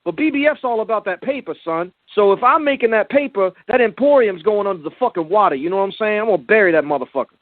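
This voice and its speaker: Brash high-voiced man on a phone line. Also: expressive, quick pace, hardly any pauses, dry recording. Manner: brash, slangy, boastful tough talk. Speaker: caller.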